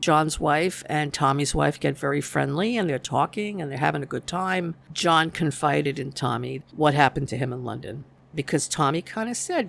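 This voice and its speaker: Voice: mid-range voice, lively intonation, moderate pace, gravelly, hardly any pauses, fairly bright tone. A TV show reviewer giving a chatty, casual recap of an episode's plot, with the odd light laugh.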